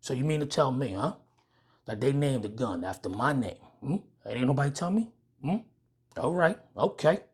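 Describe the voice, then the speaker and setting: A man putting on an impression of a famous male film actor, with a slow, teasing, questioning drawl and a husky voice. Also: mid-range voice, animated, darkish tone.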